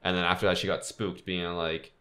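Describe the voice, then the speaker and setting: Young man, very low voice, rambling podcast storyteller, casual chat. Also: little pitch movement, brisk, pushed and bright. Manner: rambling storyteller, many fillers. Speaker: podcast co-host.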